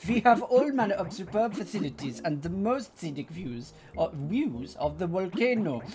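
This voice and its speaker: A man's voice: a little high, animated, brisk, crowd noise. A man voicing an eager young lava-lodge host in a game, using an odd put-on accent and polite hotelier patter. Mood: chirpy welcoming. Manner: overly polite hotelier patter, read with stumbles. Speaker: game character read aloud.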